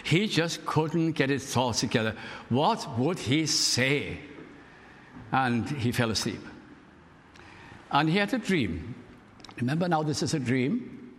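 Older Welsh preacher in an echoing hall. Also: male voice, mid-range voice, animated, takes it slowly, pauses often. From Wales. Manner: storytelling, rises to fervent emphasis. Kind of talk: sermon. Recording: long hall reverb.

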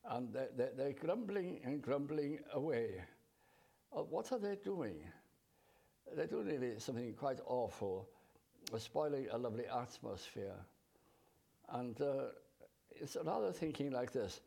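A man preaching a sermon in a slow, measured way, drawing out his scripture quotes. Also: mid-range voice, sing-song, creaky, warm tone, slightly rough.

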